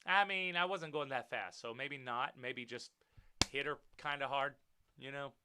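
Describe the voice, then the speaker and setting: A man hosting his own podcast, telling a story in a casual, animated way, swearing freely and talking straight to his listeners. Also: mid-range voice, a little slow, clean tone. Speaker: podcast host.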